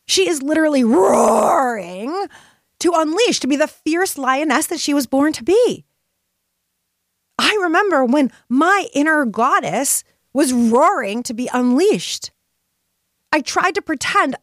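A middle-aged woman with a bright, somewhat high voice delivers a motivational podcast monologue. She speaks with fervent, spiritual conviction, leaning hard into her key words. The sound is close and dry, with no room around it. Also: expressive, measured pace, no echo. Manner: impassioned, emphatic, spiritual. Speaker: podcast host.

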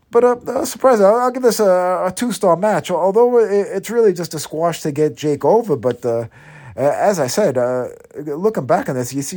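A man's voice: mid-range voice, warm tone. A man from Long Island, New York, casually reviewing an old wrestling match on a podcast, rambling with many fillers and restarts. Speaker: podcast contributor.

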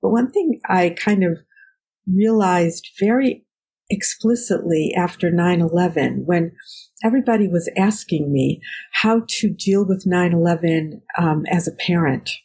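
A woman's voice: fairly low pitch, darkish tone, slightly rough, low-quality recording. A woman guest, a researcher, answering interview questions in a thoughtful, explanatory way with examples.

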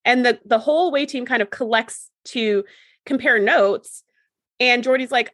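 A woman retelling a story in relaxed, chatty co-host talk, with playful acted quotes. Her voice sits fairly high and sounds dry and close, with no room around it. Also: moderate pace, no echo. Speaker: podcast co-host. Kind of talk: casual chat.

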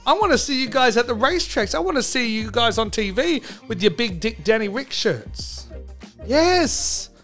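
A man hosting a comedy podcast, brash and sarcastic, hyping up merch with loud bursts. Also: very high voice, very animated, moderate pace, soft background music. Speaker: podcast host.

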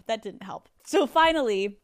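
A woman in her thirties hosting a podcast, telling a story on her own in a lively, cursing way and acting out what people said. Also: a little high, takes it slowly, no room sound, studio quality. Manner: animated, swearing, acting out quotes. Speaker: podcast host. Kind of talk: solo storytelling to listeners. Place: studio.

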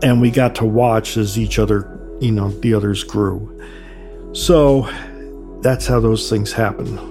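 Older New man, low and gravelly, casual storyteller over light music. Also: steady tone, measured pace. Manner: conversational, acts out quotes with raised pitch. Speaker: graffiti artist recounting his career. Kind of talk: reflective storytelling. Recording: soft music underneath.

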